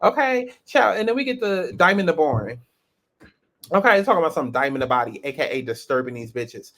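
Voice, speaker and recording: A man's voice: fairly high pitch, very animated, fairly quick, a bit bright. A man hosting a reality-show review, talking in a blunt, sassy and profane casual commentary.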